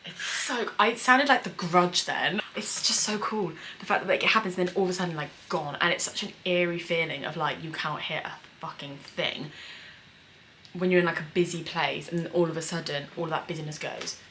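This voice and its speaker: A young woman with a low voice talks through a show in a loose, rambling way, piling on fillers and the odd swear word. A faint hiss sits under her voice. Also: steady tone, brisk, pushed and bright, low-quality recording. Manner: chatty, many fillers, emotional and swearing. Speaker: screenwriter reacting to a series. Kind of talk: casual reaction commentary.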